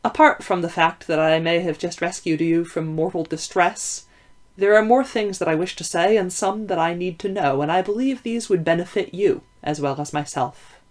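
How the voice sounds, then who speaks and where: Woman reader doing a calm, probing Victorian gentleman detective, lower and quieter than her own voice, measured and formal, storybook reading. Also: natural voice. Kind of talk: audiobook reading.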